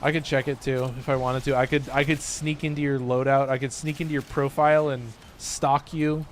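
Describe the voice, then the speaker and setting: A man with a Californian accent and a mid-range voice streams a game, chatting loosely and joking while swearing often. He speaks a little fast with little pitch movement, and there's a little hiss or hum.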